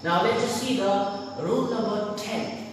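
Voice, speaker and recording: A man with an Indian English accent teaching a grammar lesson in a classroom, repeating each rule and example slowly. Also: sits high, slight background noise. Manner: slow, repeats examples and rules. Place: school classroom. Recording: echoey room from far off.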